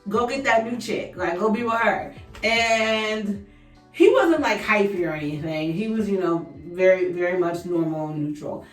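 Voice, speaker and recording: A woman's voice: medium pitch, normal speed. Chatty young woman, echoey room. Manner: chatty, animated, addresses viewers as y'all. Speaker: beauty vlogger. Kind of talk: casual storytime chat while doing makeup. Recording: echoey room, voice a bit distant. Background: faint background music.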